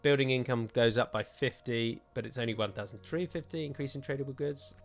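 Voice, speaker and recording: A young man talking his way through a strategy game, chatty and self-mocking, tossing jokes in between the numbers. His voice sits at a middling pitch with faint music in the background. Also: a little fast. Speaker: gaming YouTuber. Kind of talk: let's-play commentary.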